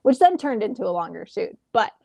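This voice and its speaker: A woman in her thirties, an actress telling a lively story in a casual interview from home over a video call, acting out the exchanges she quotes. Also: medium pitch, a little fast, creaky, dry recording. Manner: animated, acts out quoted exchanges. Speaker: actress guest.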